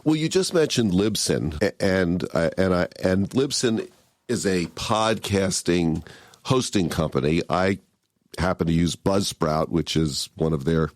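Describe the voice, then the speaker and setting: Podcast host guy, really low voice, calm curious questions, dry sound. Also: a little slow, dry recording. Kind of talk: interview questions.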